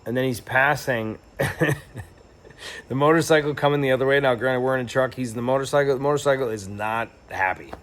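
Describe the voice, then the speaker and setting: A man's voice: medium pitch, brisk, fairly bright tone. A young man telling a travel story in a casual, rambling and reflective way, with lots of fillers and restarts. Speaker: travel vlogger.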